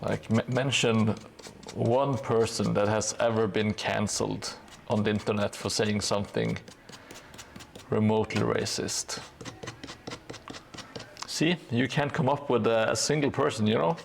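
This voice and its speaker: A man's voice: on the low side, steady tone, measured pace, vocal fry, slight background noise. A man streaming live as he paints a tabletop gaming board, chatting casually in a hesitant way full of fillers and dry jokes.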